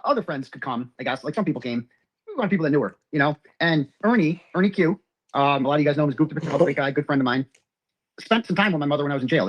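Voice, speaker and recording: Fast-ranting high-voiced man. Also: muffled recording. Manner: rapid, profane, reads messages aloud. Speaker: man recounting his ex's messages. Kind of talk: ranting monologue.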